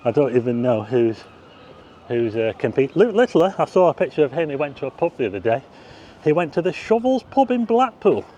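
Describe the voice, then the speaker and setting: A man's voice: on the high side, big pitch swings, a little fast, mellow, slight background noise. A middle-aged man giving a chatty, meandering walking-tour commentary on town streets, with asides to the viewer. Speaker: vlogger. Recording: slightly dull outdoor street recording.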